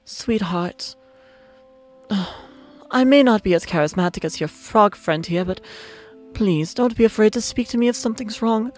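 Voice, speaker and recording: A tiny, fond mother raven from a story game speaks in a soft, coaxing tone, lifted well above the man who puts her on, and who keeps it motherly and patient. She scolds gently and worries out loud. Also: sits high, lively intonation, moderate pace, soft background music, pitched above the performer's own voice. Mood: gentle concern.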